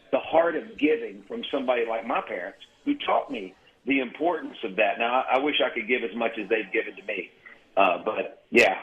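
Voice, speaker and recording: Folksy man on a muffled phone line. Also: mid-range voice. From Mississippi. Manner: warm, storytelling, folksy. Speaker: guest, singer-songwriter. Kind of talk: phone-in radio interview.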